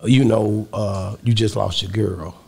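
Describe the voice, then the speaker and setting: A man's voice: on the low side, fairly even intonation, unhurried, creaky, a little mellow. A Texan man hosting a podcast, chatting casually with a playful, teasing manner. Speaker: podcast host.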